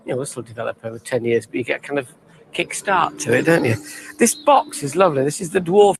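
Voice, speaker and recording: Gravelly male TV gardening presenter. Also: on the high side, big pitch swings, fairly quick. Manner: smooth, explanatory. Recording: noisy old TV clip played back.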